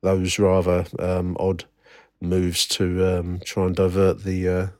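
A man with a somewhat low voice hosts a solo football history podcast in a wry, rambling way. He stops and restarts often and fills gaps with ums. The sound is dry and close, with no room echo. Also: monotone, slow, a little mellow. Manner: reads out old newspaper reports. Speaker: podcast host.

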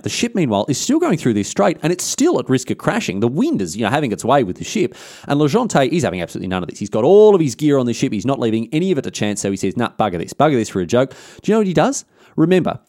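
A man's voice: medium pitch, a little mellow, no echo, studio quality. An Australian man hosting a podcast, telling history in a casual, slangy, irreverent way. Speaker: podcast host.

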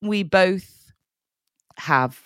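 A woman's voice: on the low side, animated, very slow, fairly bright tone, clean tone, no room sound. A woman co-hosting a podcast, supportive and playful, chatting casually and laughing easily. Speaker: podcast co-host. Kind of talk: casual chat. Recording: dry remote call audio.

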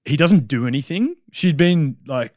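A man's voice: fairly high pitch, animated, normal speed, a little mellow, no echo. Wisecracking man on a podcast. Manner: dry wisecracks, slang. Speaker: podcast co-host. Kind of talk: casual film chat.

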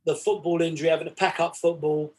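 A man's voice: a little high, flat delivery, fast talker. A man, chatting as a podcast guest and acting out both sides of old conversations. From England. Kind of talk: casual storytelling chat.

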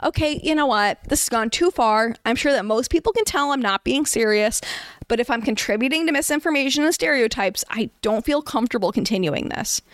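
A woman's voice: a little high, lively intonation, brisk, no room sound, close to an everyday voice. A woman doing a flustered male troll, defensive. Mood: resigned. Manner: defensive, stammering explanations. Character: exasperated male atheist troll, sensible adult. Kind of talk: satirical story reading.

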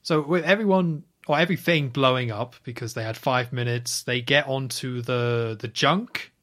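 A man co-hosting a podcast, casually recapping a film scene by scene with quick asides. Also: mid-range voice, a bit bright. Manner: retells scenes at length, chatty with quick asides. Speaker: podcast co-host.

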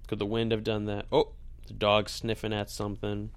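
A man's voice: fairly low pitch, monotone, moderate pace, clean tone, no echo. A man chatting casually over a video call while watching a movie, joking and sometimes confused. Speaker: movie watch-along co-host. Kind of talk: casual chat.

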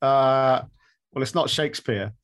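A man's voice: mid-range voice, measured pace, dry recording, studio quality. A man co-hosting a casual news chat, thinking aloud with repeated words and a wry tone.

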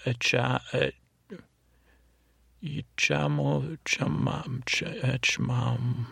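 A man's voice: medium pitch, fairly even intonation, very slow, gravelly, fairly bright tone, breathy edge, dry recording. A man hosting a bedtime podcast, rambling along and stumbling over foreign words as he reads them out. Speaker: podcast host.

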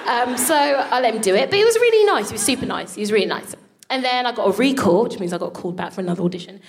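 A woman co-hosting a live show, telling a comic story on stage in an animated way, swearing freely and laughing through her lines. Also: a little high, fast. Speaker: co-host. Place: live venue with an audience.

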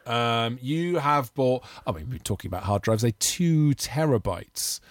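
A man's voice: medium pitch, lively intonation, unhurried, no room sound. A man hosting a podcast in casual chat, playful and teasing. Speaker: podcast host.

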